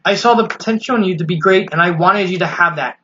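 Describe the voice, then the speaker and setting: A man voicing a gentle, motherly pony princess and mentor, speaking with calm earnest reassurance. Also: high-pitched, fast talker, dull audio, a little hiss or hum. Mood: tender.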